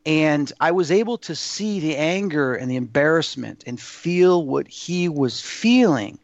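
A man with a fairly high, lively voice speaks at an unhurried pace, recorded without echo and with the highs cut off. He's a guest telling personal stories in a casual interview, earnest and rambling, with lots of fillers and restarts.

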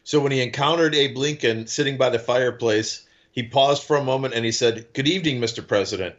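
A man's voice: mid-range voice, brisk, highs cut off. A man co-hosting a casual podcast chat, telling stories animatedly and acting out quotes. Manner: animated storyteller, acts out quotes. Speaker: podcast co-host.

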